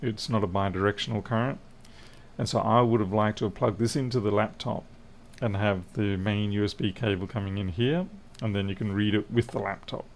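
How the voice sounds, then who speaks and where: Gravelly Australian man, rambling chat. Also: lowish voice, fairly even intonation, a little fast, a little hiss or hum. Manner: rambling, self-deprecating, chatty. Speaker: electronics repair streamer. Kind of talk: casual livestream chat. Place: indoor workshop.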